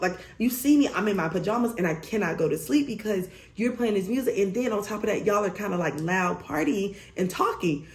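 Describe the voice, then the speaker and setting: Animated young woman telling a story. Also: mid-range voice. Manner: animated, emphatic, swears freely. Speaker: vlogger. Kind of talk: storytime vlog. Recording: roomy echo.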